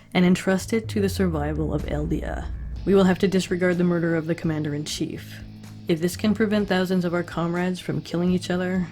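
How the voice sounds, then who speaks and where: A woman voicing an old male military commander, reading his lines in a measured, low, quiet way. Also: natural voice.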